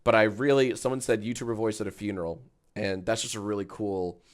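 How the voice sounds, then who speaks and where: A man's voice: fairly low pitch, fairly even intonation, a little fast. A man chatting casually on a livestream, joking and riffing on messages from chat. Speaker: streamer.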